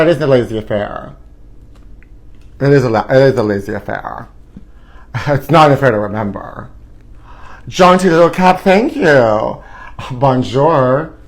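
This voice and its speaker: A man hosts a live gossip show with a campy, sassy flair. He keeps calling his viewers honey and shifts from loud theatrical squeals to low muttered asides. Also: low-quality recording. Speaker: host. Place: hot indoor studio.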